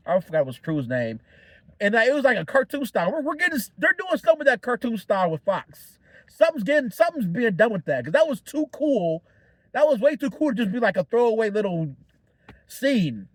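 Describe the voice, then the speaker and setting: A young man with a high-pitched voice talks through a movie review on his own, rambling and restarting his sentences, swearing freely and getting worked up. The sound is dry and close, with no room around it. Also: dry recording. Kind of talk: casual solo review.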